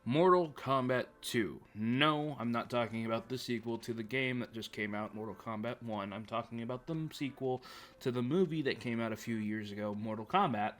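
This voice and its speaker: A man's voice: mid-range voice, normal speed, a bit bright. A man talking casually to camera about upcoming films, rambling with frequent stammered restarts. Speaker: movie vlogger. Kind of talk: casual chat.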